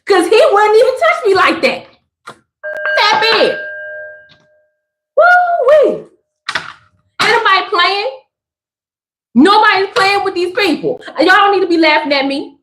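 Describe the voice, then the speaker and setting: A woman giving a spiritual message on a live stream, talking in an animated, emphatic, slangy and preachy way. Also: very high-pitched, normal speed, pauses often, a little hiss or hum. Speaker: spiritual reader. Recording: roomy echo.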